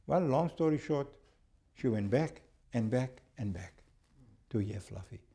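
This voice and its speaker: A man from South Africa teaching a church Bible lesson, telling stories in a conversational, halting way with many repeated words. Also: mid-range voice, lively intonation, creaky, dark tone, husky. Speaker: Sabbath school teacher.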